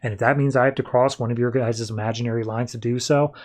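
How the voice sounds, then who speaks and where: A man's voice: medium pitch, fairly even intonation, fast, a little mellow, lightly acted. Man as stubborn young cop, plain voice. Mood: defiant. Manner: firm, defiant.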